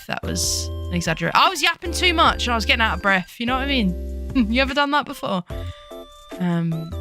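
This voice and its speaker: A young woman chatting casually on a live stream, rambling from topic to topic, giggling often and greeting her chat excitedly. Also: fairly high pitch, a little fast, over music. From United Kingdom. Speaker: VTuber streamer.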